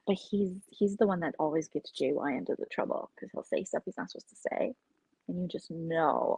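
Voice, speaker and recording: A woman's voice: lowish voice, moderate pace, creaky, darkish tone, breathy edge, no room sound, low-quality recording. A woman hosting a casual live-stream chat, gossiping candidly and sometimes dropping to a whisper.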